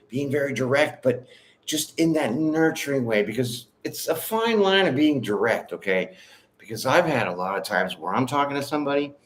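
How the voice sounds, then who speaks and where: A man's voice: medium pitch, slight background noise. Direct, slangy male tarot reader. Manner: direct, bold, slangy, laughs often. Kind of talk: casual livestream tarot reading.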